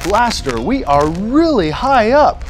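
Lively kids' show host man. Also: sits high, slow pace, a little hiss or hum. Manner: excited, exaggerated, speaks to young viewers. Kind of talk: upbeat kids' educational presenting.

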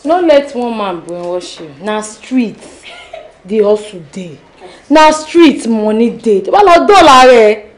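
A woman's voice: a little high, expressive, a little slow. An actress playing a streetwise young woman, cynical about love, speaking bluntly in Nigerian Pidgin.

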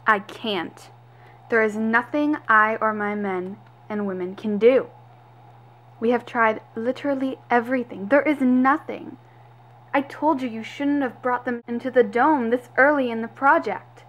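A woman's voice: a little high, steady tone, measured pace, fairly bright tone. A woman playing an outspoken, fed-up lab assistant. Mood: frustrated. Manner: raised, indignant talk.

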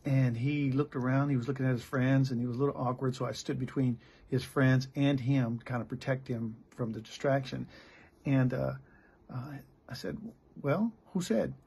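A middle-aged man from the United States preaches with a rough, creaky rasp running through every phrase. He talks bluntly and plainly, like a pastor giving real talk. He often stumbles and restarts mid-sentence. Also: medium pitch, level tone, moderate pace, a little mellow. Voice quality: gravelly and very raspy. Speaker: pastor and missionary. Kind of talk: candid sermon.

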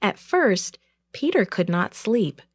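A woman narrating a Bible story for a children's church program in an expressive, deliberate way. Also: mid-range voice, no room sound.

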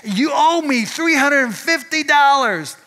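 A furious woman shouts her demands in a high, forceful, bright voice, as a preacher acts her out. She is shrill and will not back down. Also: moderate pace, poor audio. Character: irate woman pawning a fur coat, screaming.

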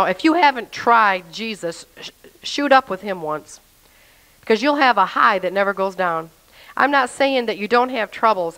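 A woman's voice: medium pitch, fairly bright tone, low-quality recording. A woman telling her personal faith testimony in an earnest, emotional way, speaking straight to the listener.

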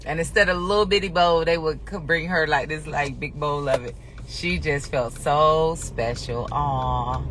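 Bright-voiced, chatty woman live-streaming. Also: low voice, normal speed, a little hiss or hum. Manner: chatty, folksy, calls listeners honey and y'all. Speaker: spiritual teacher. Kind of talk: casual live-stream talk. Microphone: phone.

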